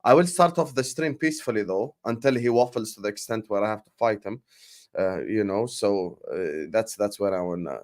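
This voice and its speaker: Young man, football stream host, lowish voice, animated banter, casual. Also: normal speed. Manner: animated, banter-heavy, lots of filler phrases. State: fasting. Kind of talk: casual fan debate livestream.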